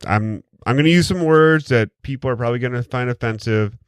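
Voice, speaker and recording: A man's voice: medium pitch, fairly quick, clear, resonant tone, dry recording. A man from Wisconsin hosting a podcast in casual, crude, joking chat. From Wisconsin, USA. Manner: crude, joking, reads quotes aloud. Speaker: podcast host.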